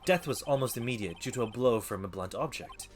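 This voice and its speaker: A man voicing a cold, smug young male prosecutor who talks low, clipped and haughty. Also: expressive, fairly quick, slight background noise, lightly acted.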